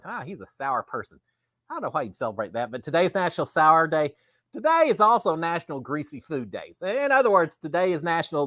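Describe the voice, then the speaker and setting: Chatty man, lively voice. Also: on the high side, no echo, clean studio sound. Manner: rambling, folksy, chatty. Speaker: live show host. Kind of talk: casual live-stream chat.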